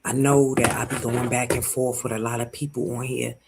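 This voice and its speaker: A man's voice: mid-range voice, level tone, a little fast, gravelly, noisy background. A man in his forties hosting a casual livestream, emotional and rambling, thanking viewers through tears of joy. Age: 40s. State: teary-eyed. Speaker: livestream host.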